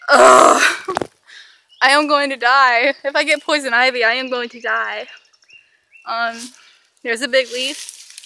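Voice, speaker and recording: A woman's voice: high-pitched, little pitch movement, unhurried, gravelly, pauses often, background noise. A teenage girl vlogging as she walks through the woods outdoors, filming on a handheld camera and talking in a dramatic, panicky, self-mocking way. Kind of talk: casual vlog narration while hiking.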